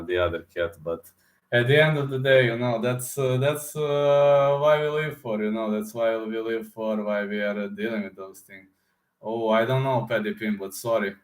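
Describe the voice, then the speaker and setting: A man from Serbia, hosting a casual livestream with a hoarse throat and often pausing to search for words. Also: lowish voice, reverberant. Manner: halting, searching for words, many fillers. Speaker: livestream host answering chat.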